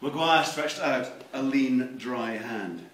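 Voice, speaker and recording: A man reading a novel aloud at a live event, theatrical and expressive. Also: mid-range voice, slow. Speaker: reader. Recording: echoey room, distant mic, faint noise.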